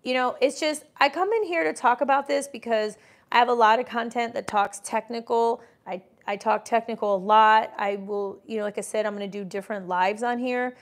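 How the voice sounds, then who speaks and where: A woman's voice: a little high, fairly quick. A woman in her forties hosting a casual live stream, giving emphatic motivational talk and reading chat comments aloud. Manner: mimics doubters in mocking voices. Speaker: livestream host and business coach.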